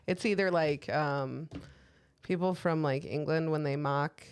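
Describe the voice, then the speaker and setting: A woman's voice: sits low, unhurried, smooth, dry recording. A woman from the United States co-hosting a podcast, rambling casually with many fillers and laughs. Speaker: podcast co-host. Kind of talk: casual chat.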